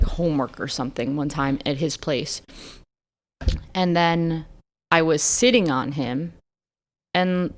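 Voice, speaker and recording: Young female podcast co-host, slightly low voice, candid and profane, lots of "like". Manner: candid storytelling, frequent swearing and laughter, lots of "like". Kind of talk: casual chat.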